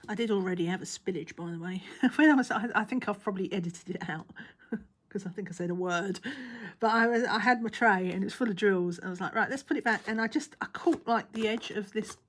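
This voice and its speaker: This crafting vlogger speaks in a mid-range voice, fairly quickly and with few pauses, making casual conversation as she crafts and often mumbling or half-whispering to herself.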